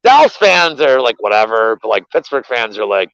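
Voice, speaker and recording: A man co-hosting a betting show, rambling in casual, profane sports chat with animated rants. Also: mid-range voice, normal speed, creaky. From Philadelphia area. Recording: dull, lo-fi, dry sound.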